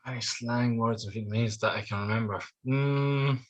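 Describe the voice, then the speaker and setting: A man's voice: medium pitch, muffled recording. Laughing Irish guy chatting as guest. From Ireland. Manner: animated, laughs often, quick to react. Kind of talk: casual podcast chat.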